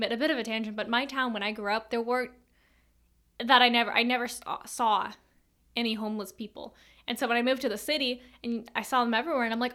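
A young woman in her twenties tells a story in a relaxed storytime style. Her voice sits slightly high and has a crisp, bright edge. She rambles, circles back to tangents and leans on filler words. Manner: chatty, rambling, full of "like" and tangents. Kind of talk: casual storytime vlog.

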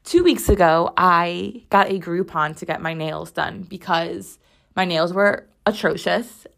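A woman's voice: lowish voice, unhurried, creaky. Sarcastic young woman storyteller. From United States. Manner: animated and sarcastic, with rambling asides. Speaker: podcast host. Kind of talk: casual solo storytelling.

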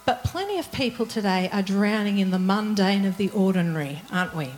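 A woman's voice: medium pitch, slight background noise, low-quality recording. A woman preaching a sermon in an earnest, pleading way, asking her listeners many rhetorical questions. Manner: earnest and pleading, slowing down for emphasis.

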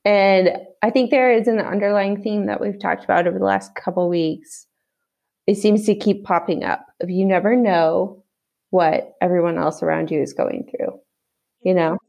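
A woman's voice: medium pitch, steady tone, moderate pace, gravelly, a little mellow. A woman in her thirties co-hosting a podcast, chatting casually and laughing often. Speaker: podcast co-host. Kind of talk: casual chat.

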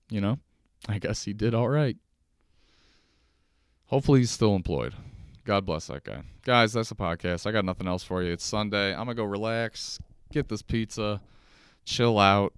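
A young man with a lowish, smooth and resonant voice rambles through a casual solo podcast, cracking jokes and swearing freely. The sound is close and dry. He talks loosely, drifting from one aside to the next. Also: no room sound. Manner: rambling, profane, jokey. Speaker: podcast host. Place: kitchen table at home.

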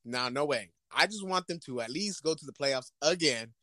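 A man in casual sports banter, his pitch sitting a bit high and leaping all over as he acts out imagined exchanges in different voices. His voice is close and dry, with no room sound, and his talk is loose and full of swearing. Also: normal speed, no echo. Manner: profane, animated, acts out imagined dialogue. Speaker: podcast co-host.

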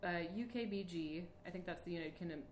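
A woman's voice: fairly low pitch, fast, a little mellow, roomy sound, a little hiss or hum. A woman hosting a podcast in casual chat, laughing often and reading passages aloud. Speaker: podcast host.

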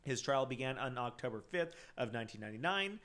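A man's voice: mid-range voice, animated, fast, fairly bright tone. Casual male true-crime podcast host. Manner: retells a case from notes, with filler words and restarts.

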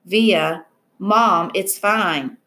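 A woman's voice: mid-range voice, extremely slow, bright, forceful tone. A woman reading aloud as a defensive, stubborn teenage girl in a family argument. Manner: insistent, spiteful edge.

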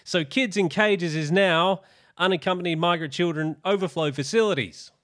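An Australian man hosting a podcast, measured and wry, reading headlines aloud. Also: high-pitched, a bit bright. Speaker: podcast host. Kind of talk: casual podcast commentary.

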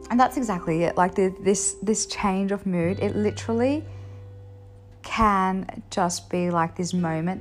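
A young adult woman talking frankly to camera in a casual confessional vlog, expressive and blunt, swearing freely and laughing between points. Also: on the low side. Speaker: vlogger sharing her experience.

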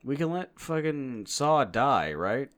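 A man's voice: medium pitch, sing-song, slow pace, a bit bright. A young man co-hosting a podcast in casual, profane banter, sarcastic and laughing often. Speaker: podcast co-host.

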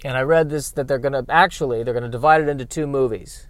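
A man hosting a solo comedy podcast from his car, wry and self-deprecating, breaking into loud exasperated rants. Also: mid-range voice, quick pace, no room sound. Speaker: podcast host. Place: in a car while driving and parking.

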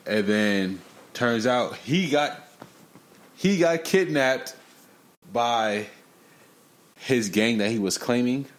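A young man hosting a casual podcast, telling stories in lively slang and breaking into rap lines. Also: medium pitch, slow, pauses often. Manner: animated, slangy storytelling with bursts of rapping. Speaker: podcast host.

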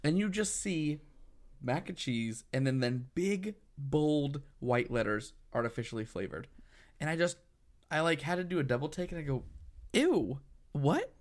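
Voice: medium pitch, moderate pace. A podcast co-host in casual chat, telling stories animatedly with lots of "like" and restarts. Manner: animated storyteller, heavy use of "like".

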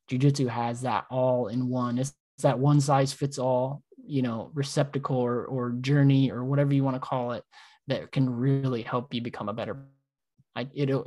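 A man co-hosting a casual podcast, telling animated stories, acting out his own thoughts and swearing often. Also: mid-range voice. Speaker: podcast co-host.

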